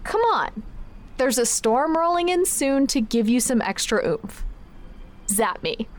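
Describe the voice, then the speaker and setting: A woman's voice: sits high, big pitch swings, measured pace. A woman voicing a bold, reckless young woman in an audio drama, talking in a coaxing, confident way.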